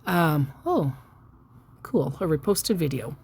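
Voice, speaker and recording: A woman's voice: low voice, lively intonation, takes it slowly, creaky, darkish tone, breathy edge. A woman casually telling a story about chatting with a scammer, chatty and self-deprecating, with frequent fillers. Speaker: storyteller recounting a chat with a scammer. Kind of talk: casual storytelling, reading out text messages.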